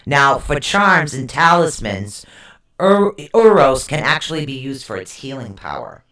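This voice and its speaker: A man's voice: medium pitch, big pitch swings, unhurried, pushed and bright. A man co-hosting a casual live stream, patiently explaining runes and checking that listeners follow. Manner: explanatory, repeats and checks understanding. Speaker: co-host teaching runes. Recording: roomy echo.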